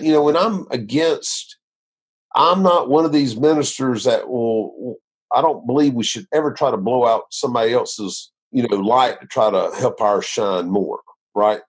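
Husky male minister, earnest rambling storyteller, conversational interview. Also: medium pitch. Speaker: minister sharing his testimony.

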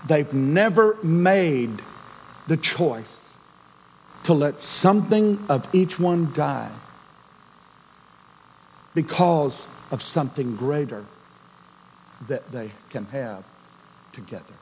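A middle-aged man preaching a sermon as a pastor, swinging from loud emphasis to a near-whisper. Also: fairly high pitch, lively intonation, slow pace, long pauses, a little hiss or hum, rough recording.

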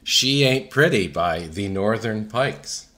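A man's voice: lowish voice, expressive, slow, bright, forceful tone. A man co-hosting a casual podcast, telling stories loosely with frequent laughs and some swearing. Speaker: podcast co-host. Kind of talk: casual chat.

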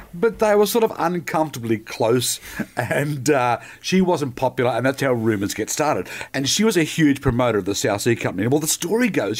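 Middle-aged man, Australian accent, animated pitch, joking storyteller, casual podcast chat. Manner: animated storyteller, jokey, says mate often. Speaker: podcast co-host.

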